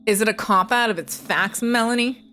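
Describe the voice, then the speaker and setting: A woman streamer chatting casually with her viewers while playing a game, giggly and excitable, squealing when she greets people. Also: a little high, normal speed, faint music behind. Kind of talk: casual livestream chat with viewers.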